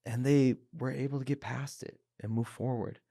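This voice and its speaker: A man's voice: mid-range voice, fairly even intonation, normal speed, vocal fry, mellow, dry recording, studio quality. Earnest man telling his story. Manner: earnest, repeats words, acts out voices when quoting people. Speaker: podcast guest, professional fighter. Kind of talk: candid interview talk.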